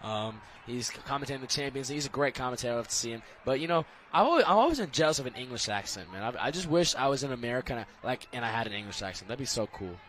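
A young man doing casual, jokey color commentary for a school soccer stream, rambling and getting excited. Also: mid-range voice, very fast, few pauses, a little hiss or hum.

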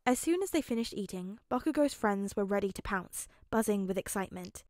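A woman calmly narrating a fanfic as an audiobook reader. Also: medium pitch, a little fast, no room sound, studio quality. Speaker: podfic reader.

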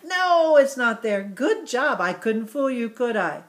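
A middle-aged woman teacher leading a phonics drill for children, repeating each word slowly and encouraging them. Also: on the high side, very animated. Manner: slow, encouraging, exaggerated word repetition.

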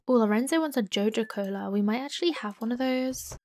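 A young woman giving casual, giggly let's-play commentary with gasps and hushed asides. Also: fairly high pitch, a little fast, few pauses. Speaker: gaming YouTuber and streamer.

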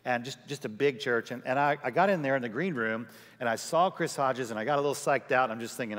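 A male pastor preaching a sermon, telling a personal story with lively quoted voices. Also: medium pitch, brisk. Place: large church sanctuary. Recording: church hall reverb.

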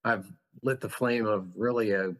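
A man's voice: lowish voice, fairly even intonation, normal speed, fairly bright tone. A man who founded a school, a guest on a podcast, telling his story in an earnest, passionate, reflective way. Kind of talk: conversational storytelling.

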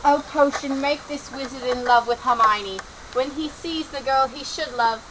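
A woman's voice: high-pitched, sharp tone, slight background noise, rough recording. A woman playing a commanding male wizard professor who gives orders. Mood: incanting. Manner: imperious, issuing orders.

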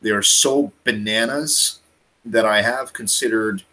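Canadian guy chatting about prepping, low voice, gets emphatic and repeats himself. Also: unhurried, poor audio. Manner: animated, emphatic, repeats words. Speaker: guest on a prepping livestream. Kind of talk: casual chat.

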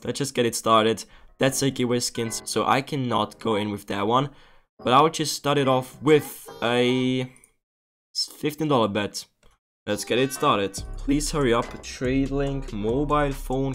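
A man's voice: mid-range voice, unhurried, fairly bright tone, soft background music. A young man streaming online gambling, talking casually to viewers, often pleading and swearing in exasperation.

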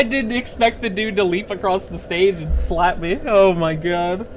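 A man's voice: high-pitched, normal speed, hardly any pauses, background noise. A young man commenting live on his gameplay, yelping and pleading in danger and joking with sarcastic bravado. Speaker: streamer.

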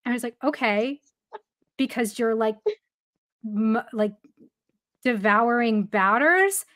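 A woman telling a story in a relaxed podcast chat, her voice sitting a little higher than most. She talks in a loose, chatty way, full of "like" fillers and with laughter breaking in as she reports to the host. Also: slow pace. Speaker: baseball reporter, guest. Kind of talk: casual storytelling in a podcast interview.

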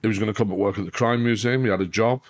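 A man, a podcast guest telling a story in a casual interview, cursing constantly and leaping up in pitch when worked up. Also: rapid-fire. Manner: sweary, animated, pitch leaps up when worked up.

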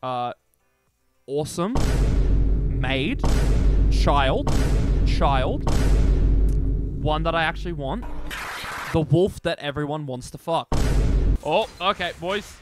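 A man's voice: on the high side, lively intonation, takes it slowly, long pauses. Profane young male gaming streamer. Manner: profane, joking, yelling bursts. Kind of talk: gameplay commentary. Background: faint game music.

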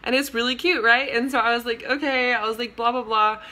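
A young woman telling a story to camera in a casual vlog, gushing and excitable, with lots of "like" and "oh my god". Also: fairly high pitch, fairly quick. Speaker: vlogger.

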